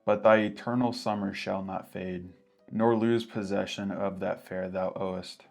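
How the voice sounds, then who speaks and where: A man co-hosting a poetry lesson with wry asides, reading verse slowly and deliberately. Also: sits low, fairly even intonation, gravelly, faint music behind. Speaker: co-host. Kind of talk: scripted educational banter.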